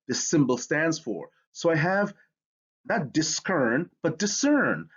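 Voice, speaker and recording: A man teaching a spelling lesson, energetic and emphatic, slowing down to sound out words. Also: a little high, slightly rough. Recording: dull lo-fi sound.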